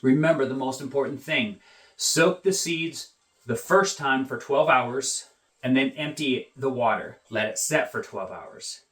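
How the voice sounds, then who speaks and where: A man's voice: medium pitch, unhurried, a bit bright, roomy sound. A man vlogging about off-grid life, explaining things to the camera in a plainspoken, easygoing way with many "uh" fillers. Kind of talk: casual how-to explanation to camera.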